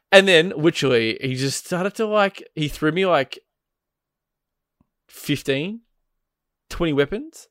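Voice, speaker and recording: A man's voice: fairly high pitch, animated, measured pace, long pauses, fairly bright tone, no echo, studio quality. A man chatting casually about a game, rambling, laughing and swearing, full of fillers. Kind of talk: casual gaming chat.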